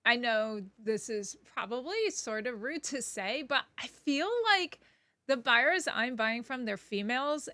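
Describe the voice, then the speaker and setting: A woman's voice: a little high, expressive, a little slow, sharp tone, no room sound. A woman co-hosting a casual podcast, playful and teasing in her chat. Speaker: podcast co-host. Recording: clear background noise.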